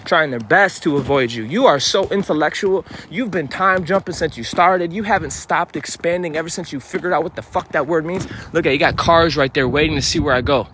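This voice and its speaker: A man delivers a fierce, confrontational motivational sermon outdoors, cursing freely as he pushes his listeners. His voice sits a bit high for a man. Steady street noise runs clearly behind him. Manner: intense, profane, confrontational. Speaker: spiritual vlogger. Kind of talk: preachy motivational monologue.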